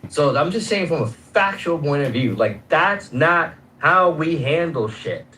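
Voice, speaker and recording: A man's voice: fairly high pitch, lively intonation, a little slow, sharp tone, slight background noise, poor audio. A man arguing in a heated debate, insistent, swearing and repeating the other man's name. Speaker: debate guest.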